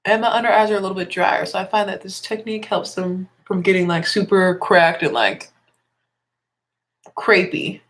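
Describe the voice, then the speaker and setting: A young woman who teaches music and vlogs about beauty chats casually through a makeup tutorial, explaining each step as she works. Her slightly congested voice is mid-range, fairly bright, and moderately paced.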